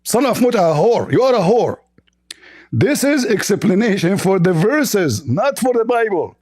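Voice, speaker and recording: A hoarse man hosting a live online debate. He shouts and hammers the same insults again and again, his voice pitched fairly high. The sound is close and dry. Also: sing-song, unhurried, dry recording. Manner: shouting, insulting, repeats himself. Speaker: debate show host.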